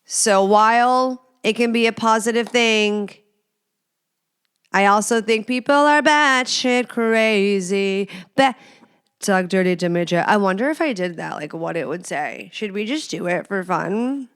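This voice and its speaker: A woman hosts her podcast in a loose, casual monologue. She talks bluntly and swears freely, and she drags out key words for emphasis. Her pitch sits in the middle of the range. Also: fairly bright tone, clear, resonant tone. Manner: blunt, crude and chatty, with drawn-out emphasis. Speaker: podcast host.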